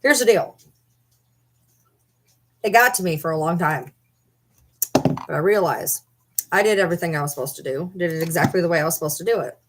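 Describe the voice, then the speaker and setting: A woman's voice: lowish voice, fairly quick, long pauses, a little hiss or hum. A woman chatting casually to camera from her bed at home, breaking off to coo at her pets. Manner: chatty, drifts into baby talk with her animals. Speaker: vlogger.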